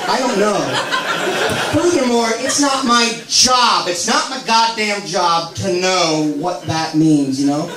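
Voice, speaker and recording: A man's voice: sits high, measured pace, a bit bright. A man in his late thirties telling a rambling, self-deprecating spoken word story to a live audience. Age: late 30s. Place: small live venue with audience. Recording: roomy live recording from far off, crowd noise. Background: audience laughter.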